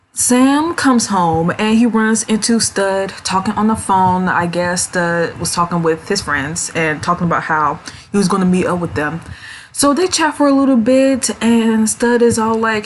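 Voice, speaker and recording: A woman's voice: mid-range voice, expressive, unhurried, a little hiss or hum. A woman reviewing episodes of a series in a casual, chatty way, giggling often and acting out the characters' lines. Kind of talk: casual recap vlog.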